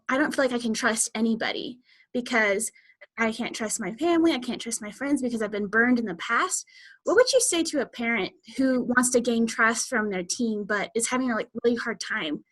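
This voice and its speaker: A woman's voice: on the high side, fairly quick, a bit bright. A young woman interviewing a guest, chatty and loose with frequent fillers. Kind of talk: casual interview questions.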